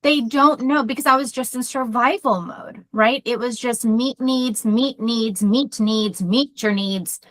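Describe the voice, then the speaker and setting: A woman therapist co-hosting a podcast, talking in a loud, energetic way as she tells personal stories in casual chat. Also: a little high, a little slow, hardly any pauses, no echo.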